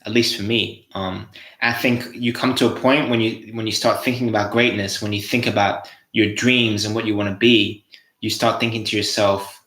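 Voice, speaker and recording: A man's voice: fairly low pitch, steady tone, moderate pace, a bit bright, echoey room. A young Australian man hosting a casual motivational monologue, swearing freely and restarting his phrases. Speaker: host.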